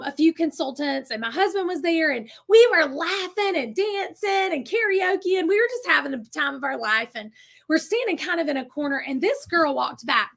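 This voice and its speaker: A middle-aged woman hosting a motivational team video, energetic and preachy. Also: high-pitched, gravelly. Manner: energetic, preachy, calls out y'all. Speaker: sales director hosting a weekly team video. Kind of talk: motivational pep talk.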